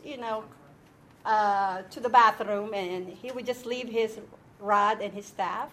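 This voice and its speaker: A woman's voice: medium pitch, steady tone, slow pace, pushed and bright, a little hiss or hum. A woman teaching an informal Bible and Hebrew lesson to a small group, explaining step by step and often checking that her listeners follow.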